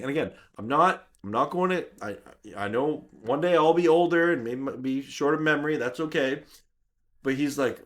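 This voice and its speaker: A man with a YouTube channel, telling a personal story in an animated, self-mocking way. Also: on the high side, normal speed. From Canada. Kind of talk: vlog storytelling.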